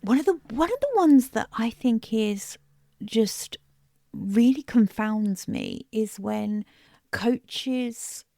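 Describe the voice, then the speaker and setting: Gravelly woman coaching podcast host. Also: fairly high pitch, animated, slow, mellow, no room sound, studio quality. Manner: direct, emphatic, coaching tone with repeated phrases. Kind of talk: solo podcast monologue.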